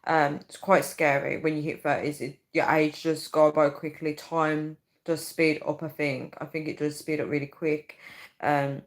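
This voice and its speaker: A woman's voice: deep voice, flat delivery, measured pace, poor audio. A woman in her thirties hosting a casual livestream, rambling chattily and often calling her viewers "guys.". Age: 30s. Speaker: livestream host.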